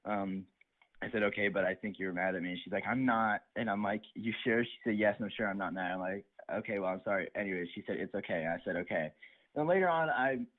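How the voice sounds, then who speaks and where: A man's voice: fairly low pitch, fast. Hesitant teen boy on a phone line. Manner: hesitant, filler-heavy retelling. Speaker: caller. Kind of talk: rambling phone story.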